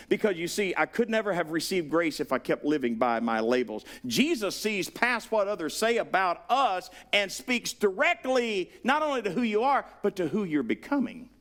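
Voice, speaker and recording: A man with a Southern US accent preaching a sermon, animated, acting out the voices he quotes. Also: on the high side, moderate pace. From Southern United States. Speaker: pastor.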